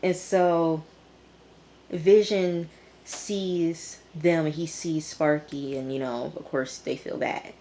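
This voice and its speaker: A woman's voice: low voice, steady tone, slow pace, warm tone, slight background noise. A woman giving a casual recap of a TV episode, exclaiming and talking straight to her viewers. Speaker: TV episode reviewer.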